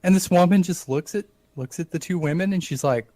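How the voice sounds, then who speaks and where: A man co-hosting a podcast, telling a comic story in a wry, animated way and acting out the dialogue. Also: sits high, fairly quick, few pauses, no echo. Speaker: podcast co-host.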